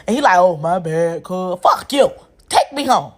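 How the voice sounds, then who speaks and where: A woman's voice: lowish voice, expressive, moderate pace, a little hiss or hum. A woman casually telling a relationship story, blunt and profane, with an exasperated edge.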